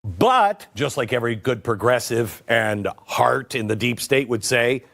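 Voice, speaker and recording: A man's voice: mid-range voice, lively intonation, unhurried, gravelly, a bit bright. Sarcastic man for a commentary show, voice rising and falling a lot. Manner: sarcastic, mocking asides. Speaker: political commentary host. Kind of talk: political commentary.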